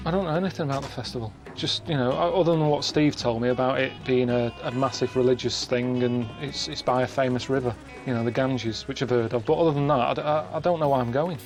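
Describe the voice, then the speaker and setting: A man giving grumbling, deadpan travel commentary outdoors, moaning and complaining as he goes. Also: medium pitch, fast, hardly any pauses, faint music behind, low-quality recording. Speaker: traveling presenter.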